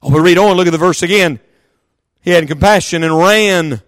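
Impassioned high-voiced male preacher. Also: dry recording, studio quality. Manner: impassioned, rising to shouts and quick asides. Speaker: pastor. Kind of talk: sermon. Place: church service.

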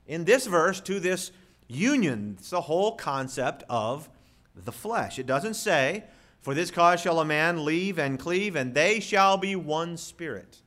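A man preaching a sermon as a pastor, emphatic, with dramatic pauses and rhetorical questions. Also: high-pitched, fairly bright tone.

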